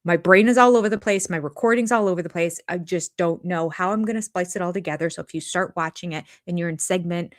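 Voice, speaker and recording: A woman's voice: lowish voice, quick pace, few pauses. Rambling older woman chatting live. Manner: rambling, chatty, jumps between topics. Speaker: channel host. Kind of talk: live chat reviewing a reality show. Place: home room.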